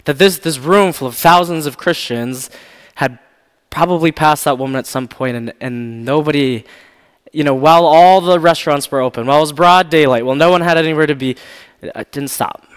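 In a church sanctuary, a pastor with a slightly high, clear and resonant voice preaches at a fairly quick clip. He tells a personal story candidly, poking fun at himself and laughing often, while the hall's long reverb trails his words.

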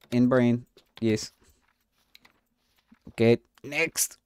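A man's voice: medium pitch, big pitch swings, slow, darkish tone, slight background noise. A man commentating a video game, goofing around in a mock broken-English border inspector voice and swearing casually. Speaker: let's play gamer.

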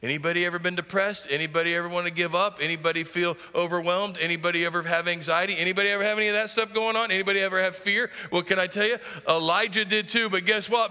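A middle-aged man preaches from the pulpit in a fairly high, very bright voice. He presses each point with rising emphasis and drops into playful asides. His voice rings with a long reverb through the church hall. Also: level tone, fast, few pauses, clean tone. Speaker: pastor. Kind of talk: sermon. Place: church sanctuary.

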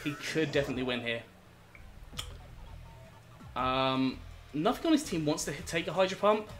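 A man in a slightly raised register narrates his game battle live, reasoning through each move out loud. When things go wrong he bursts into disbelieving outcries and blames himself. A soft music bed plays underneath. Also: a little high, animated, moderate pace. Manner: thinks aloud, self-critical, flares into exasperated outbursts. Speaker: gaming video host.

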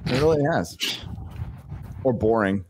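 A man's voice: medium pitch, expressive, unhurried, darkish tone. A man co-hosting a casual panel show, reading out donation messages and chatting, swearing and laughing often. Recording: noisy livestream audio.

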